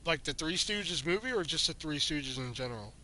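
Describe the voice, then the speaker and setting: A man with a fairly high, sharp, forceful voice tells a story in loose podcast chat. He swears constantly and sounds fed up as he recounts it. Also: expressive, fairly quick, slight background noise. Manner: profane, exasperated storyteller. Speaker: podcast host.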